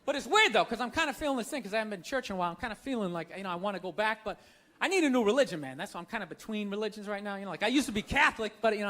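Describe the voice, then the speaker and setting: A man doing a stand-up comedy set, ranting profanely and shouting his punchlines with incredulous disbelief. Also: very high-pitched. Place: comedy club stage with audience. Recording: live stand-up with crowd noise. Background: audience laughter.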